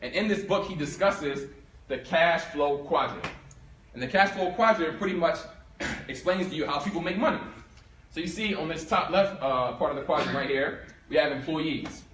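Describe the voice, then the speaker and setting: A young man from Philadelphia giving a storytelling talk to a live audience, animated and acting out both sides of his story. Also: fairly high pitch, normal speed, slight background noise. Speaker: speaker giving a talk on income. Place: room with an audience. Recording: echoey room.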